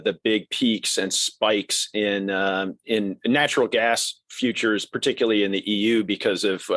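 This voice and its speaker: A man's voice: lowish voice, a bit bright, dry recording. Man in a dry close-miked podcast interview. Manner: fluent, measured, lots of filler uhs. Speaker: podcast guest, markets analyst. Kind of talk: casual economics podcast talk.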